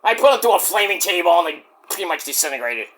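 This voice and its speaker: A man doing a cocky shouting wrestler. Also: high voice, big pitch swings, fast. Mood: boastful. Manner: loud boastful, shouting and grunting. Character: cocky brash late male wrestler in the afterlife.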